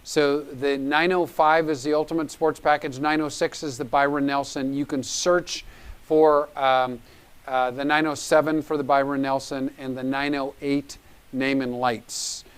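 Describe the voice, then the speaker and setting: A man's voice: mid-range voice, little pitch movement, unhurried, clean tone. A man hosting a live charity auction, upbeat and urging people to bid. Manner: upbeat, pushes for bids. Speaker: gala auction host.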